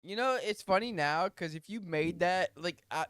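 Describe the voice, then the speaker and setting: A man's voice: sits high, moderate pace, a bit bright, clean tone, no room sound, studio quality. A man co-hosting a podcast in goofy, casual banter, swearing freely and slipping into mock voices. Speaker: podcast co-host.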